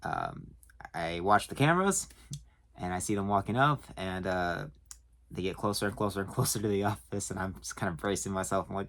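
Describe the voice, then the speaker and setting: A man who works at a storage facility tells work stories casually to camera, chuckling and pausing on lots of fillers. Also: low-pitched, lively intonation. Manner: chuckling, hesitant with many fillers.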